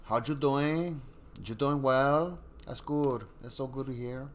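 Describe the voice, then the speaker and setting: A man's voice: mid-range voice, slow, slight background noise. A man hosting a casual live stream, rambling and apologetic as he chats and reads stories. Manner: rambling and apologetic, with many fillers. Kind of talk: casual live stream chat and story reading.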